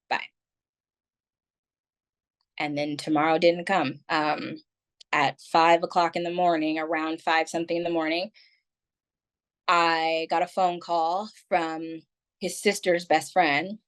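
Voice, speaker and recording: A woman's voice: sits low, level tone, a little slow. A woman guest on a podcast, telling a personal story in candid, rambling conversation full of "like" and "um".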